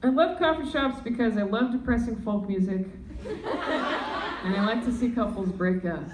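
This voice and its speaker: Animated woman doing stand-up in a club. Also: on the high side, moderate pace, very noisy. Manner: animated, bits of put-on voices. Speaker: stand-up comic. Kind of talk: stand-up comedy set. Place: comedy club stage. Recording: roomy club sound from far off, loud audience.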